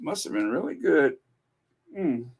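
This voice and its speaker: A man's voice: on the high side, sing-song, unhurried, creaky, husky. A man hosting a royal news channel, reading viewer comments in a rambling, self-amused casual chat.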